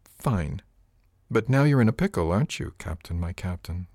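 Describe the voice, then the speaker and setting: A man voicing a teasing, sharp-tongued female ship's chief. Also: low voice, animated, normal speed, no echo, clean studio sound. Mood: lecturing. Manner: gently mocking, exasperated. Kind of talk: audiobook character voice.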